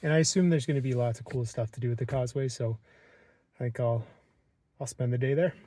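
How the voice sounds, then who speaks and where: A young man vlogging casually outdoors on a windy coast, rambling enthusiastically in relaxed slang. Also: medium pitch, fast talker, dry recording. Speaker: travel vlogger. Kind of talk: casual travel vlog. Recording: wind noise on the mic.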